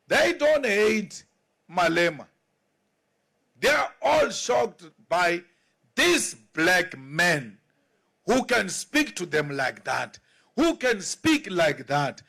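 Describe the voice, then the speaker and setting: South African political leader, male, high voice, emphatic and repetitive speech delivery. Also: gravelly, a bit bright. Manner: emphatic and repetitive, with rhetorical questions.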